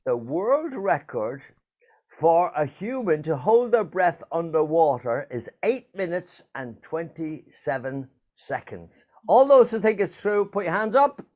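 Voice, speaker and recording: A man's voice: on the high side, sing-song, measured pace, darkish tone. An older man hosting a playful true-or-false quiz over a video call, teasing his guests and laughing often. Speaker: quiz host.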